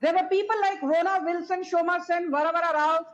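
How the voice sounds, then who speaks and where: A woman speaking as a panelist in a TV debate, deliberate and firm as she lists names. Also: very high-pitched, fairly even intonation. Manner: deliberate, listing names firmly. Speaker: political panelist. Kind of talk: TV debate remote guest. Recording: muffled remote line.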